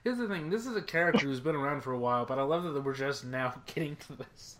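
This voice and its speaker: A man co-hosting a podcast in relaxed, casual chat. He laughs a lot as he talks and often stumbles and restarts his sentences. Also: mid-range voice, quick pace, background noise. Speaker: podcast co-host.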